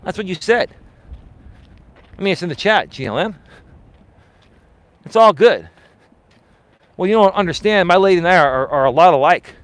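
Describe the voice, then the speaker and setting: A man's voice: high-pitched, expressive, normal speed, long pauses, dry recording. Passionate man streaming on a walk outdoors. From Greek heritage. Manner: passionate, emphatic, argumentative. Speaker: life coach live streamer. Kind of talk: walking live stream, reading chat aloud. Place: outdoors on an urban street, walking.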